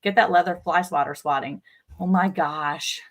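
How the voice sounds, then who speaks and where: Lady on a livestream, lowish voice, chatty and animated, telling stories. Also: moderate pace. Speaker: livestream co-host. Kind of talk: casual chat.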